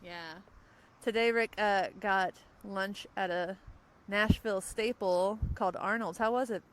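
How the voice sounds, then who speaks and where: A woman's voice: mid-range voice, steady tone, rough recording. Chatty woman podcast host. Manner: chatty, rambling, quick to laugh. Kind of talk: casual chat. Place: outdoors, in a parked car.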